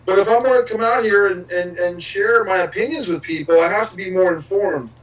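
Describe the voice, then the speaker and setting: A man's voice: sits high, a little fast, distant mic, low-quality recording. A man co-hosting a podcast, rambling casually and swearing now and then. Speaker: podcast co-host.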